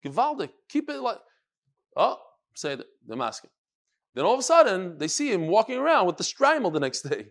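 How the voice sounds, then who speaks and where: Animated man teaching a Talmud class. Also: on the high side, fairly quick. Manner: animated, dramatizes quotes, mixes in Hebrew and Aramaic terms. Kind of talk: lively Talmud class storytelling.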